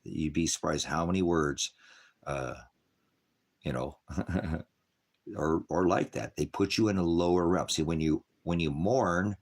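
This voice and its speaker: A man's voice: low-pitched, measured pace, long pauses. A man preaching casually to an online audience, rambling from point to point, often chuckling and mocking others in put-on voices.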